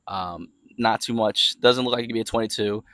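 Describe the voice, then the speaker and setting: A man's voice: on the low side, brisk, a bit bright, no room sound. A young man telling a casual story in a rambling, laid-back way, filming himself outdoors as he walks around in his yard. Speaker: car vlogger. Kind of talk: casual vlog story time.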